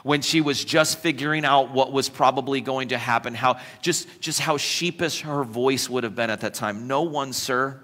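A man with a medium-pitched, fairly bright voice preaches a sermon as pastor at normal speed, barely pausing. He jokes with the congregation and acts out quoted voices with humorous asides, and the church recording carries long hall reverb.

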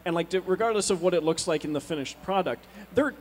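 Halting man interviewer in an echoey hall. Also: high-pitched. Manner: halting, self-correcting questions. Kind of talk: convention interview. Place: convention hall. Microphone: handheld mic. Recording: reverberant hall with faint background noise.

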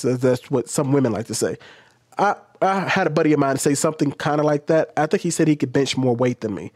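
A man's voice: a little high, fast talker, a little mellow, no room sound. A man giving casual, reflective commentary on a video. He sometimes acts out quoted comebacks in a raised voice.

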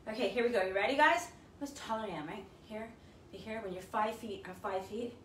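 A woman fitness instructor leading a home workout, counting reps out loud and cheering her class on. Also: medium pitch, brisk, far from the mic, a little hiss or hum. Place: her home, echoey room. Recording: echoey room, mic from afar.

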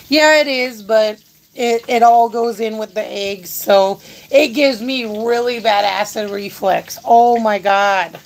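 Slow, chatty woman live-streaming a haul. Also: medium pitch, slight background noise, low-quality recording. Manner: chatty, rambling, talks to viewers and her dog. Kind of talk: casual live grocery haul chat.

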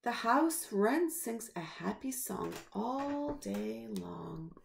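A woman reading a children's story aloud in a slow, expressive storybook manner. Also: fairly high pitch, vocal fry.

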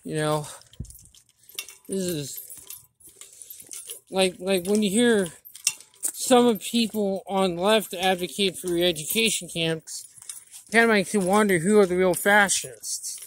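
A woman's voice: medium pitch, measured pace, long pauses. A woman vlogger delivering a blunt, profane political rant, indignant and preachy, with many restarts.

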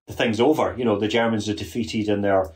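A man's voice: lowish voice, fairly even intonation, brisk. A man guesting on a history podcast, earnest and detailed, often restarting his sentences as he explains. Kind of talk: casual history podcast chat.

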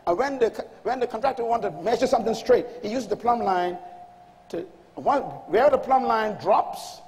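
A man's voice: high-pitched, moderate pace, darkish tone, long reverb tail. A man preaching a sermon in an emphatic call-and-response manner, reading scripture aloud and urging the congregation to respond. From Bahamas. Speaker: pastor.

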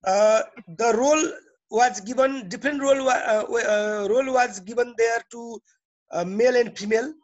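A man's voice: extremely high pitch, moderate pace, lo-fi sound. A man lecturing a class in Nepali-accented English. He circles back over his phrases, repeats words and keeps asking whether the students follow. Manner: repeats and restarts phrases, checks in with "okay?". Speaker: teacher.

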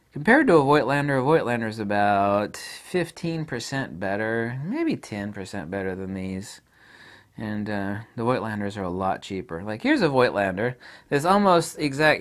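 A middle-aged man reviewing camera lenses in a blunt, rambling, casual way, swearing offhand and laughing at his own jokes. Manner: animated, pitch swings widely.

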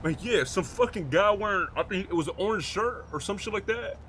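A man role-playing a mechanic in a game, excitable, slangy and swearing a lot. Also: sits high, fairly quick, a little hiss or hum. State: out of breath. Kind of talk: in-character game role-play.

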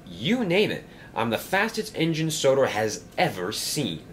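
Smug bragging engine, lofty and showy, a man putting him on, storybook voice, lively pitch. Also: measured pace, a little hiss or hum. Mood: boastful. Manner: pompous, smug. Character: boastful grand silver male engine.

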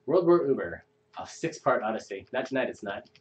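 A man hosting a live screenwriting show, reading a script aloud with quick asides. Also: mid-range voice. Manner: animated, quick asides between script lines. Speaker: host reading a viewer script. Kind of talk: live chat critique.

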